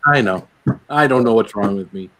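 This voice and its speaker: A man's voice: fairly low pitch, normal speed, a bit bright, no room sound. A man joking around in casual banter during a chat show. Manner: joking, playful. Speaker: show participant.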